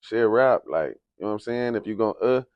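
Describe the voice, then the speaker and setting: A man's voice: on the low side, lively intonation, fairly quick, no echo, dull audio. A young man from San Antonio, Texas, telling his life story in a casual interview, heavy on slang and "you know what I'm saying". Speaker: interview guest, rapper.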